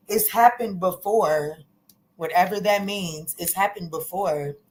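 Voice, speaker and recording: A woman's voice: medium pitch, steady tone, unhurried, slight background noise, poor audio. A woman giving a casual tarot reading to camera, chatty and folksy, calling listeners baby and honey and cursing freely. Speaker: tarot reader.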